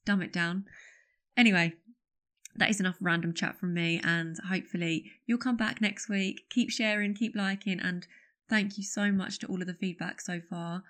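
A woman's voice: medium pitch, fairly bright tone. A woman hosting her podcast, talking to listeners in a chatty, rambling, self-aware way. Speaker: podcast host. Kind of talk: casual solo podcast outro.

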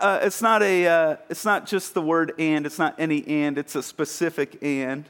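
Lively conversational man preaching. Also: fairly high pitch. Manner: conversational and self-mocking, acts out Jesus with animated exclamations. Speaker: pastor. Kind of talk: sermon.

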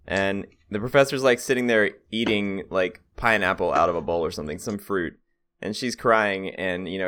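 A young man with a very deep voice chats on a podcast. He tells stories in a loose, easygoing way and laughs often. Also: moderate pace, a bit bright, clear, resonant tone. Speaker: podcast co-host. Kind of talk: casual chat.

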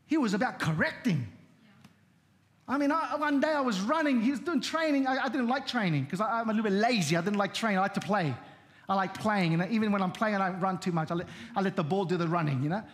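A man's voice: sits high, fast talker, a bit bright. A man preaching a sermon as pastor, telling stories in a repetitive, conversational way and often saying amen. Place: church.

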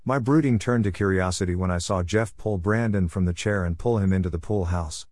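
A man reading a first-person story in a steady, even way. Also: low voice, brisk, no room sound, studio quality. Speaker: narrator.

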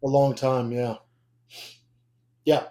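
A man's voice: medium pitch, flat delivery, slow pace, mellow. A young man sharing a personal faith testimony in casual conversation, emotional and rambling, with frequent fillers and restarts. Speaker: guest.

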